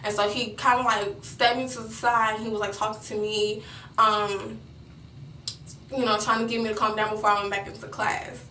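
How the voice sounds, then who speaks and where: A woman's voice: medium pitch, little pitch movement, moderate pace, pushed and bright, roomy sound, far from the mic, a little hiss or hum, low-quality recording. A young woman vlogger telling a personal story in a rambling way, with many fillers and restarts.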